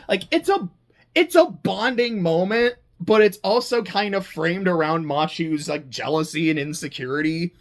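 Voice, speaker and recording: Casual anime reviewer, animated and profane, stammering restarts. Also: medium pitch, normal speed. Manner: animated, swearing, stammering restarts, laughing asides. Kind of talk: casual chat.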